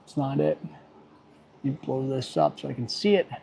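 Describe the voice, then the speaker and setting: Gravelly-voiced mechanic muttering on a stream. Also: male voice, mid-range voice, moderate pace, warm tone, slight background noise. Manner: muttering, easily irritated, joking. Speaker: automotive technician. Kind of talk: livestream chat while working. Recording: dull lo-fi stream audio.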